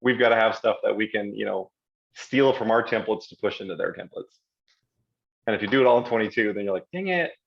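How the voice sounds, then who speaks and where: A man co-hosting a live software Q&A show, chatting casually and rambling, with self-deprecating asides. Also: lowish voice, fairly even intonation, fast talker, vocal fry. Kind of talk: casual conversational livestream chat. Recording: slightly dull lo-fi stream audio.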